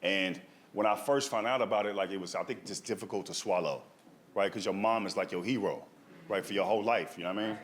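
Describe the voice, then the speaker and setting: Fast-talking and fairly low-pitched, this male comic tells a story onstage in a conversational way, tagging lines with "right?" and throwing in "dog." Audience noise from the live show is audible.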